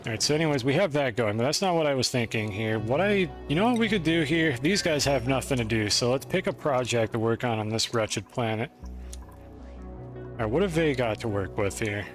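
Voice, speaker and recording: Guy streamer, rambles and puts himself down, faint music under him, mid pitch. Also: animated, fairly quick. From United States. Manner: rambling, self-deprecating, talks to chat. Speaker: game streamer. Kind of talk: casual live-stream chat while playing.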